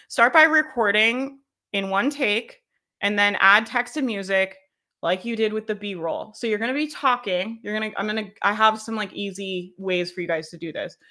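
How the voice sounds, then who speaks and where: Woman coach, bright and forceful tone, chatty and encouraging. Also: mid-range voice. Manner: encouraging, chatty, frequent "right?" check-ins; laughs often. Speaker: social media coach. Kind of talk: live online workshop teaching.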